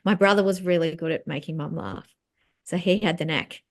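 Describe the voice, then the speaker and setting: Woman author guest on a podcast, middle-aged, talks openly and thoughtfully, laughs softly. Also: deep voice, a little fast. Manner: reflective and frank, with soft laughs and many fillers. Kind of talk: candid conversational interview.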